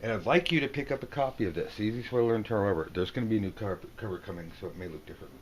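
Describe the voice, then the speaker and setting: A man giving a casual tarot video lesson, joking and acting out the people on the cards in quick silly voices. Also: fairly low pitch, a little hiss or hum. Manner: playful, jokey, acts out card characters in quick silly voices. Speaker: tarot teacher.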